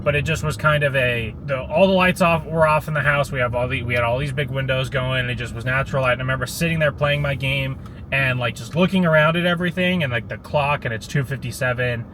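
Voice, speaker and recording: A man's voice: mid-range voice, fast, a bit bright, a little hiss or hum. A young man telling a story in a casual vlog, rambling, with lots of "like" and restarts. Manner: rambling, many likes and restarts. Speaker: vlogger.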